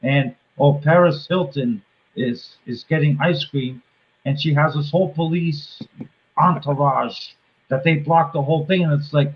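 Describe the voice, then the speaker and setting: Casual stream host, man with a Boston accent, pitched a bit high, stop-start joking delivery on dull lo-fi audio. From Cape Cod, Massachusetts. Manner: halting, restarts a lot, jokey. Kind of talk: casual live stream chat.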